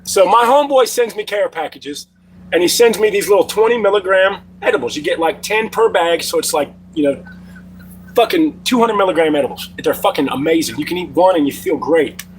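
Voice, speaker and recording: A man's voice: high voice, lively intonation, a little fast, a little hiss or hum, low-quality recording. A middle-aged man hosting a casual livestream from home, telling loose, profane stories to his chat. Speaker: livestream host.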